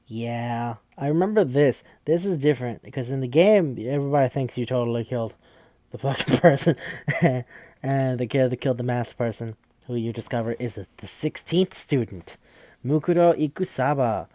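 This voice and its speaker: A man's voice: mid-range voice, warm tone, no echo. A man hosting a podcast who recaps a game in a casual, rambling way, swearing often and full of fillers. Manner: rambling, profane, with frequent fillers. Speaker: podcast host.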